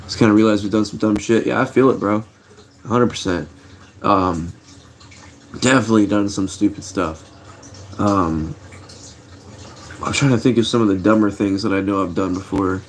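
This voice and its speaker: A man's voice: on the low side, normal speed, long pauses, a little hiss or hum. A man, middle-aged, telling stories casually to a live chat, laid-back and rambling, with many fillers and restarts. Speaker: livestream host.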